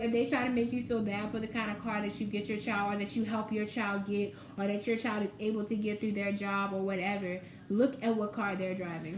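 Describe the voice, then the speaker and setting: A woman's voice: mid-range voice, a little mellow, reverberant, a little hiss or hum, rough recording. Chatty woman giving a tarot reading. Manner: chatty, emphatic, swears casually, addresses viewer directly. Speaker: tarot reader.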